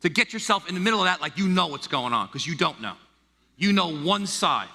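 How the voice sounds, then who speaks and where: A middle-aged man from the United States preaching a sermon as a pastor, animated and stammering through restarts as he acts out quoted voices. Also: high voice, fairly quick, vocal fry. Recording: long reverb of a large hall.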